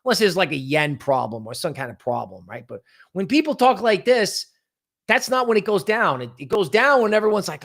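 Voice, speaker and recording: A man's voice: high voice, big pitch swings, brisk, fairly bright tone. A man hosting a livestream of crypto market analysis. He talks in a loose, rambling way and keeps adding "right?". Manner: rambling, conversational, often adds "right?"; mocks panicky traders in exaggerated voices. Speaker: crypto market show host.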